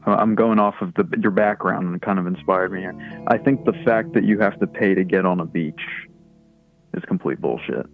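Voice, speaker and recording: A caller from Philadelphia speaks with a Philly accent in a profane, rambling way. His voice is low and gravelly with fry. The audio is phone-like and tinny, with faint music behind him. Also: fairly quick. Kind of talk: casual call-in chat.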